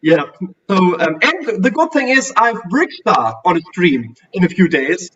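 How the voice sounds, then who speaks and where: German-accented man, high-ish voice, hesitant casual chat, distant lo-fi call audio. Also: big pitch swings, normal speed, a bit bright. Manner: hesitant, many fillers and restarts. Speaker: guest streamer.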